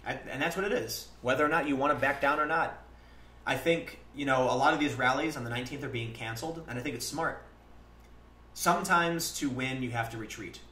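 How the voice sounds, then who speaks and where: A man's voice: medium pitch, fairly quick, sharp tone. A man hosting a livestream, talking earnestly in casual commentary and acting out back-and-forth exchanges. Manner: earnest, conversational, acts out quoted exchanges. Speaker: livestream host. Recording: roomy echo with faint background noise.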